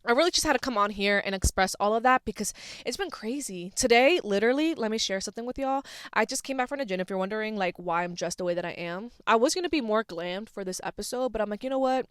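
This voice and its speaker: A woman's voice: medium pitch, animated, quick pace, clear, resonant tone, no room sound, studio quality. A young woman in her twenties hosting her own podcast, chatting candidly, laughing often and swearing freely. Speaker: podcast host. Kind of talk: casual chat.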